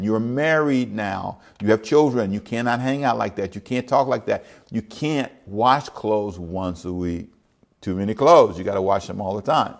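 A man in his sixties preaching a sermon as pastor, emphatic and repetitive, building to loud, high-pitched peaks. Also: vocal fry. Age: 60s. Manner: emphatic, repeats phrases, rises to near-shouting peaks.

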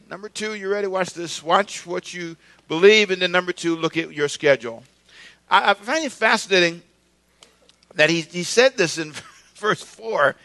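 A man's voice: high voice, expressive, a little fast, pushed and bright. A male pastor preaching a sermon in a conversational way, calling on the congregation to repeat his words back. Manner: conversational preaching with call-and-response.

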